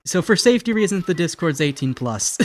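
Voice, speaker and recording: A loose, wisecracking streamer chatting to viewers while playing, swearing casually and cracking up at their own tongue-twisted lines. The voice sits at an ordinary middle pitch, with faint game music murmuring underneath, and now and then it slides into a hammy mobster accent. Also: very animated, brisk. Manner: joking, swears freely, laughs at own slips; slips into a put-on mobster accent. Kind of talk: casual live-stream chat.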